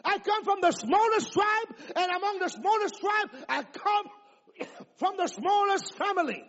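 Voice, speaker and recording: A man's voice: very high-pitched, expressive, measured pace, a bit bright. A man preaching a sermon, calling out lines for the congregation to repeat back to him. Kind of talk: sermon with call-and-response. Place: large church hall. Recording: dull, echoey church recording.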